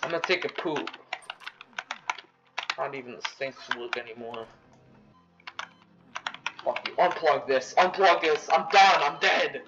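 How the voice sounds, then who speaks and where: A young man giving excitable, profane let's-play commentary, yelling at the game. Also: fairly high pitch, measured pace, long pauses, highs cut off, very noisy. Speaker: gamer.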